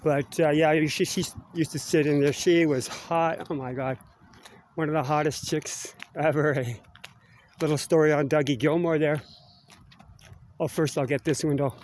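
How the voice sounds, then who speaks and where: Fairly high-pitched yet a little mellow, this middle-aged Canadian man keeps a steady tone and moderate pace. He's a vlogger doing a rambling walk-and-talk outdoors around school grounds, chatty and tagging "eh?" onto his sentences, with slight background noise.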